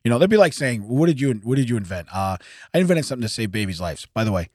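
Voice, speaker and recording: A man's voice: mid-range voice, sing-song, a little mellow, no echo, clean studio sound. A man in his forties co-hosting a podcast, reading news items aloud and laughing often as he stumbles over the text. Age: 40s. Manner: laughs often, reads haltingly. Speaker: podcast co-host. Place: podcast studio.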